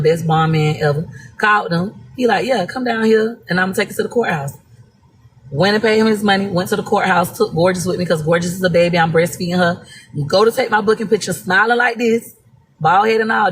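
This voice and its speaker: In a casual live-stream monologue, a social media personality from Florida tells stories with blunt, profane emphasis. Her pitch is fairly low and a bit bright, and there's slight background noise.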